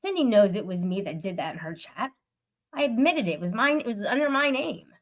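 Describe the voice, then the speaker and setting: A woman's voice: mid-range voice, expressive, brisk. A woman livestreamer venting to her live chat, upset and swearing in an aggrieved rant. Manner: aggrieved, profane ranting.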